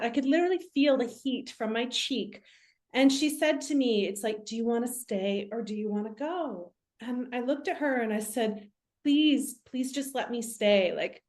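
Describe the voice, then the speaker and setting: A woman's voice: a little high, a little mellow. A young woman, a medium, telling her own story as an interview guest in an earnest, reflective way with many fillers.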